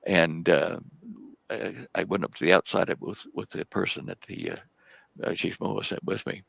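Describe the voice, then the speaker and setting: Deep gravelly older man spinning a story. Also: steady tone, fairly bright tone, no echo. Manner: halting, repeats words while telling a story. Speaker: guest researcher. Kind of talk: storytelling in a live talk show.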